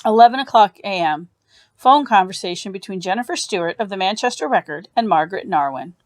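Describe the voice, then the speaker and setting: A woman teacher reading a novel aloud, giving the speaker tags in a plain, steady voice. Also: mid-range voice, a little fast, no room sound. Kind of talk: audiobook read-aloud.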